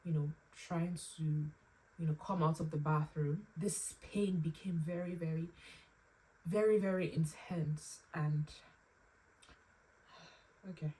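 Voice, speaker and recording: A woman's voice: low voice, fairly even intonation, warm tone. Tearful woman telling a painful story. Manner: halting and tearful, with pauses and restarts. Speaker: vlogger sharing a personal story. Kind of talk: emotional personal storytelling. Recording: slightly distant mic with faint room ambience.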